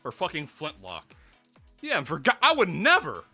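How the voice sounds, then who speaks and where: A man streaming live, reacting to a game, excitable and breathless from laughing hard, swearing often. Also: on the high side, a little slow, long pauses, breathy edge. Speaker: VTuber streamer. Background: faint background music.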